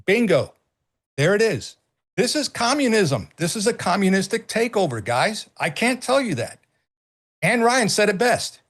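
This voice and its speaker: A middle-aged man with a high voice talks politics on a casual stream. He speaks emphatically, repeats himself and swears freely. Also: big pitch swings, normal speed, a bit bright. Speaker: co-host.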